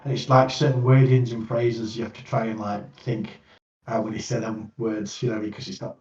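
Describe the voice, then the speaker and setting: A British man chatting casually as a player, soft-spoken and a bit hesitant. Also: lowish voice, flat delivery, moderate pace, distant mic. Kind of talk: casual chat. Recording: dull echoey room, off-mic.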